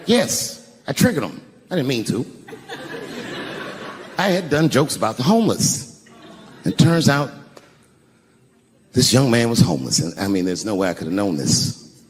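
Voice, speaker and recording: Animated stand-up comedian man. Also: mid-range voice, normal speed, pauses often. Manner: animated, shouting the punchlines. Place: large live venue. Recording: echoey live hall, audience laughter.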